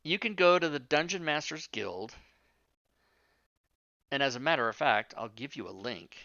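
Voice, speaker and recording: A man's voice: mid-range voice, animated, normal speed, bright, forceful tone, no echo, muffled recording. A man hosting a live-streamed talk show, chatting casually and rambling off on tangents with the odd swear word. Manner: rambling, profane, self-interrupting.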